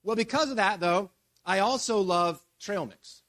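A man's voice: sits high, a little slow, fairly bright tone, no room sound. A man in his forties preaching a sermon as pastor, reading scripture and then retelling it in a casual, storytelling way with asides to the congregation. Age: 40s.

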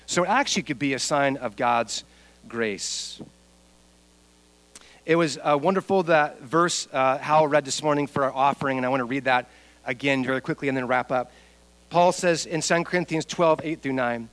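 Higher-voiced man preaching a sermon. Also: a little fast, fairly bright tone, no echo, rough recording. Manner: emphatic, builds up through long repeated lists. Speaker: pastor.

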